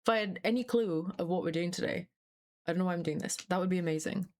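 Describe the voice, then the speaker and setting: A woman's voice: lowish voice, fast talker, darkish tone. A young woman streaming live, chatting casually with her chat in a scattered way, swearing freely and laughing often.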